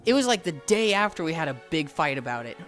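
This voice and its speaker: Animated, swearing male streamer, faint music. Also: fairly high pitch, fast talker. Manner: profane, animated, acts out voices in quotes. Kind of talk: casual storytelling to chat.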